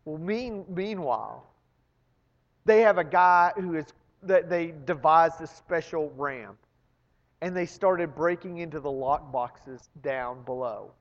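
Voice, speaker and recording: A pastor preaching a sermon, telling a story that builds to loud emphatic peaks and often repeating words as he restarts. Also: fairly high pitch, slow pace. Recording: long reverb, dull lo-fi sound.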